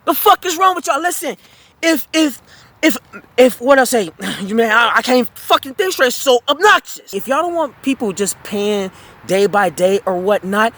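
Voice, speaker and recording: Man, high-pitched, casual storytime rant, profane, heated, rambling. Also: expressive, moderate pace, fairly bright tone. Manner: rambling with many fillers and restarts. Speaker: vlogger telling a story.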